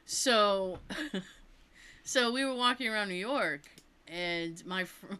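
A woman with a Massachusetts accent in casual chat, telling animated stories and laughing often. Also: mid-range voice, slow pace, clear, resonant tone.

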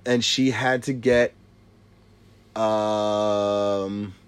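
A man's voice: on the low side, fairly even intonation, extremely slow, smooth. A man in his thirties telling a story in casual chat, swearing a lot and restarting his sentences often. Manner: profane, rambling with many restarts.

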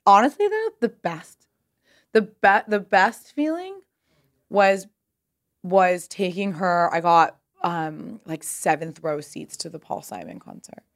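A Pasadena, California woman in her thirties, a guest and clothing brand founder, tells stories in a casual interview with a lowish voice, lively intonation, and a slow pace. Her style is chatty and rambling, with lots of "like" and casual swearing.

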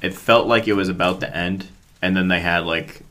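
A man's voice: deep voice, steady tone, normal speed, bright, forceful tone. A man co-hosting a podcast in casual chat, laid-back with jokey interjections. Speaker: podcast co-host.

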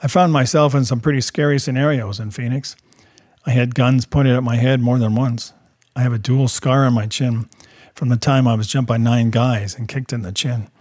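A man narrating his own life story as a first-person testimony, in a plain, steady storytelling manner. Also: mid-range voice, moderate pace, no room sound, studio quality.

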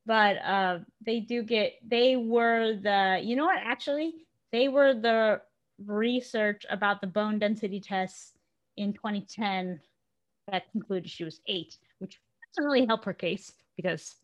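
A woman's voice: mid-range voice, measured pace, muffled recording. A woman co-hosting a podcast, talking in a loose, conversational way. She often trails off and starts her sentence again. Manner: chatty, trailing off and restarting. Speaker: podcast co-host. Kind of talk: casual podcast chat.

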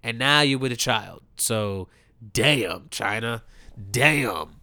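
A man's voice: medium pitch, animated, takes it slowly, sharp tone, dry recording. Heated, ranting young man, dry close sound. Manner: heated, mocking, emphatic with repeated phrases. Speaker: commentary host. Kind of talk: profane ranting commentary.

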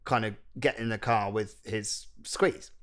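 A man's voice: lowish voice, steady tone, measured pace, fairly bright tone. A man co-hosting a podcast, recapping a film in a wry, amused way. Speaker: podcast co-host. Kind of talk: casual chat recapping a film.

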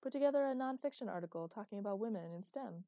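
A woman voicing a wry, gently teasing young man in an audiobook, with a mellow voice. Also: mid-range voice, animated, quick pace, no room sound, natural voice. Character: dry, teasing young man, patient partner.

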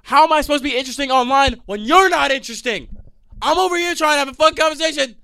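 A young man hosting a solo podcast, ranting in an animated, exasperated way and swearing often. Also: extremely high pitch, quick pace, gravelly, no room sound. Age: young adult. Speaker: podcast host.

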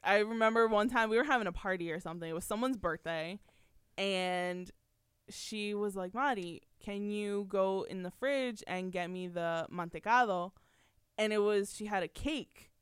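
A woman with a smooth, clear voice, recorded dry and close, chatting easily and telling family stories, laughing often as she goes. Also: mid-range voice, normal speed, dry recording. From Puerto Rican family on the US mainland. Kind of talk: casual chat.

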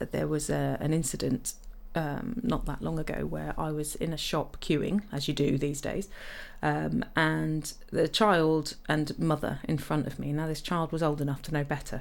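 A woman with a deep, creaky voice co-hosts a casual chat. She tells stories chattily, full of fillers and restarts.

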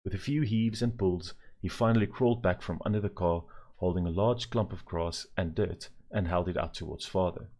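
Deep-voiced man reading a story. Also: normal speed, darkish tone. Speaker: narrator. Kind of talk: storybook narration.

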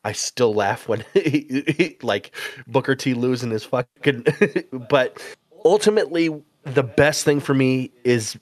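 Podcast co-host, mid-pitched, dry mic, rambling and laughing. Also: male voice, measured pace, no echo. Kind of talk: casual podcast chat.

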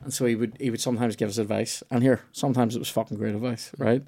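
A man with a mid-pitched voice chatting loosely on a podcast. He rambles, trips over his restarts and swears freely as he works his way through a story. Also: steady tone, fast talker, mellow. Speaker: podcast host and comedian. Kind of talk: casual chat.

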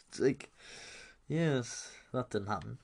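A man's voice: lowish voice, a little hiss or hum. A man giving a loose, chatty film recap, laughing and swearing as he goes. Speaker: film reviewer.

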